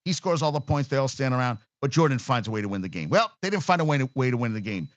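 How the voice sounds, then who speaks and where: A man rants about games in a blunt, profane, exasperated way, like a sports talk host going off. His voice sits at an ordinary middle pitch and sounds dry and close, with no room around it. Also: lively intonation, fast, no echo, muffled recording. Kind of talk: casual sports rant.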